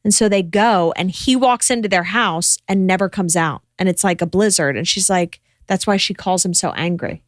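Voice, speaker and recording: A woman's voice: fairly low pitch, moderate pace, few pauses, no room sound, clean studio sound. A woman co-hosting a podcast, animatedly retelling a story in casual chat with lots of "like" asides. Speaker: podcast co-host.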